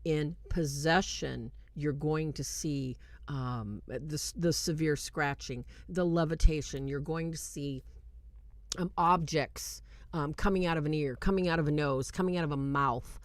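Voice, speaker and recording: A woman hosting a livestreamed film review, retelling scenes in an animated way and warmly thanking her viewers. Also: low-pitched, unhurried, dry recording. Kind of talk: livestream commentary.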